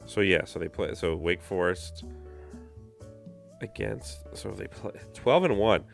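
A man's voice: sits low, unhurried, creaky, soft background music. A man co-hosting a podcast in casual trivia chat, his voice strained and worn out. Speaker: podcast co-host.

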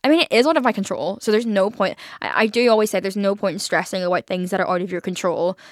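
A woman's voice: mid-range voice, fast talker, no room sound, clean studio sound. A young woman, hosting a casual podcast monologue, chatty, swearing and saying "like" constantly. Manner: chatty, swears, heavy filler "like". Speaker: podcast host.

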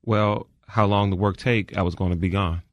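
Male trial witness, very low pitch, terse and deferential, dry recording. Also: steady tone, moderate pace, no echo, lo-fi sound. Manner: terse, deferential "yes, ma'am" answers. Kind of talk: courtroom testimony.

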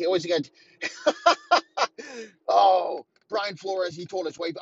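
A man in his thirties delivering a heated, profane comedic rant, talking in rapid-fire bursts. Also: high voice, lively intonation, vocal fry, breathy edge, no room sound, lo-fi sound. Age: 30s.

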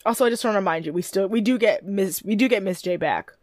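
A woman's voice: medium pitch, quick pace, darkish tone, no room sound. A woman co-hosting a casual podcast, chatty and swearing freely as she recaps a TV show. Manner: chatty, swears, laughs, acts out quotes. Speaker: podcast co-host.

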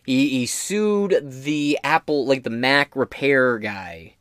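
A man's voice: mid-range voice, animated, takes it slowly, fairly bright tone, no room sound, studio quality. A man hosting his own podcast, giving casual political commentary in a profane, joking, rambling way. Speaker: podcast host.

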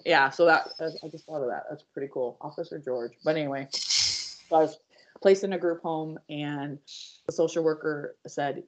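A woman guest on a podcast, earnestly telling her personal story with halting restarts and speaking straight to her listeners. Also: sits low, slight background noise. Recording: dull lo-fi audio.

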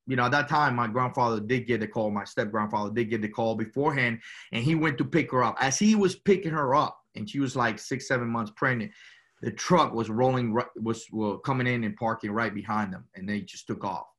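A man from Cuba talks as an interview guest, telling his story in a loose, rambling way. He keeps adding "you know" and "man" as he goes. His voice is bright and forward. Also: medium pitch, fairly quick. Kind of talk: casual storytelling.

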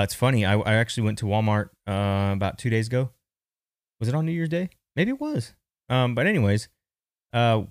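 Male podcast host, lowish voice, dry close mic, casual rambling commentary. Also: no echo. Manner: chatty, thinking aloud with restarts.

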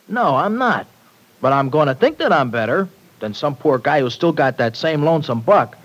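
In this 1940s radio drama, a man plays a tough, streetwise young working-class guy, talking slangy and dropping his grammar. His voice sits on the high side and is expressive, at a normal speed. It comes from an old radio broadcast, and the recording is rough.

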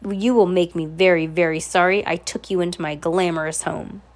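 A woman's voice: lowish voice, fairly even intonation, moderate pace, close to an everyday voice. A woman with a cold voicing a vain, wealthy guardian who talks in a haughty, bossy and impatient way. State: has a cold, scratchy throat.

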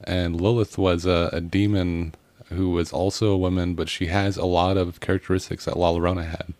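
Deep-voiced man musing on a podcast. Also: level tone, fairly quick, darkish tone, no room sound. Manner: musing, hesitant with ums. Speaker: podcast host. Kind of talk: casual conversation.

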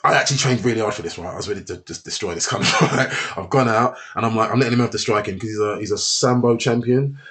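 A man's voice: lowish voice, quick pace, few pauses. A man telling fight stories in a casual chat, swearing freely and acting out the voices of the people in them. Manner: animated, swears a lot, acts out voices.

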